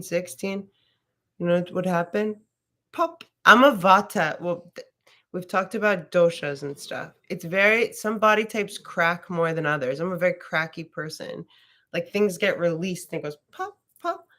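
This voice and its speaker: Chatty, bright-voiced woman teaching yoga. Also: fairly low pitch, moderate pace. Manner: chatty and rambling, swears freely. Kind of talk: casual live yoga class instruction.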